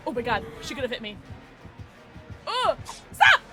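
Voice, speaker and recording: A young adult woman streamer giving excitable live gameplay commentary, shrieking and laughing through chases. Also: high voice, normal speed, long pauses, over music.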